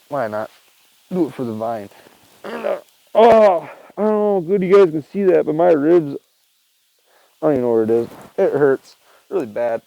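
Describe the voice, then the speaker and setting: A man's voice: medium pitch, vocal fry, mellow, dry recording, rough recording. Man, casual rambling vlog chat, cusses often, laughs mid-sentence, dry close sound. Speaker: vlogger.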